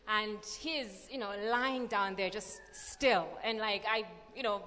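A young woman reading scripture and then telling a lively personal story with many fillers at a church gathering. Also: a little high, slow pace. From Malawi. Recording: long reverb of a large hall.

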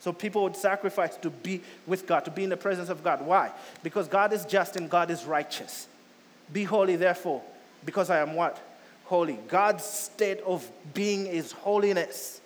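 A man preaching a sermon, emphatic and repetitive, swelling loud then dropping soft. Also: sits high, normal speed. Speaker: pastor. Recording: long hall reverb.

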